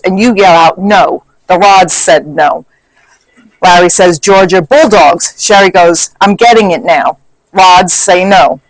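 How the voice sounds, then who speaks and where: A man's voice: high voice, dry recording, poor audio. A man casually recapping a paranormal investigation, reading back notes and quoting what others said.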